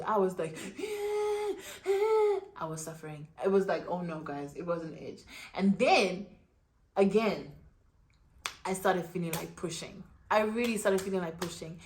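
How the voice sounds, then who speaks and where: Young woman, storytime vlog, dramatic retelling, casual slang. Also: on the low side. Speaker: vlogger.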